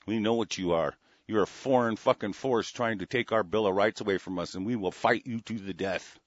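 A man's voice: lowish voice, fairly quick, dry recording. Furious ranting man, dull dry recording. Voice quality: heated, shouting bursts, stammering restarts. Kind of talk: angry profane rant.

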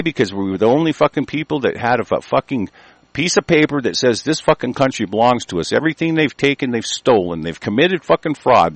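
An older American man giving a profane, angry monologue, reading news aloud and commenting, swinging from low mutters to shouting. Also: dry recording, rough recording. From United States.

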